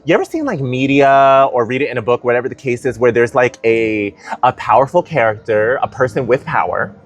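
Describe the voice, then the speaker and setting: Man, tarot reader, casual spiritual reading, animated, playful, rambling with fillers, medium-pitched voice. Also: fairly quick.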